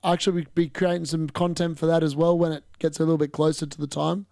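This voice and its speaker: A man's voice: on the high side, level tone, fast, gravelly, warm tone, no echo, clean studio sound. A man hosting a football watch-along, chatting casually and bluntly over live play with mild swearing. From Australia. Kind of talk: casual live match commentary.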